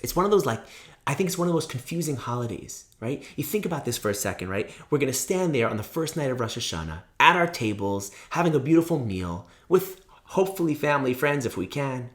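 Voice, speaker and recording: A man giving a storytelling talk as a rabbi. His voice sits in the middle range, but it jumps high and low with energy. He shouts and laughs when the story gets tense. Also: fast. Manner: animated, breaks into shouts and laughs when excited.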